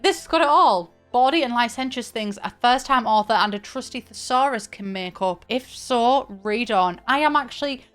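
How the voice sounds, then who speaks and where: A young British woman riffs through her game commentary, chatty and playful, with sarcastic little asides. Her voice sits a touch high, and faint music plays behind her. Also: lively intonation, moderate pace, hardly any pauses, clear, resonant tone. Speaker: YouTuber. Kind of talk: casual gaming commentary.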